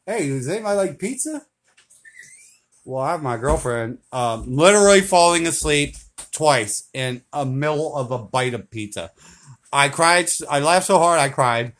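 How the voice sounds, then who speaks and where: A man in his forties laughing his way through a casual home video, loud and full of swearing. His voice sits a little high and swings widely in pitch. He talks at an unhurried, drawn-out pace. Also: lively intonation. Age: 40s. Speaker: filming his girlfriend at home.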